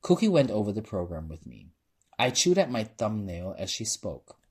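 A man's voice: lowish voice, big pitch swings, moderate pace, slightly rough. A man reading a first-person novel aloud informally, stumbling now and then and restarting lines. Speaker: narrator.

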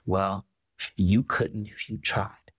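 A blunt, hurt woman spits out short, profane lines, as a male reader puts her on, her voice pitched a little lower than most. The sound is close and dry, with no room around it. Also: little pitch movement, takes it slowly, husky, dry recording. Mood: furious. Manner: curt, profane retorts.

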